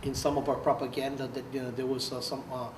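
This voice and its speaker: The speaker, an older man and former activist, recounts stories quickly in a medium-pitched, flat delivery during an oral history interview. Laughter comes often, as do acted-out quotes from other people. He's recorded from a distance in a roomy room, with faint background noise.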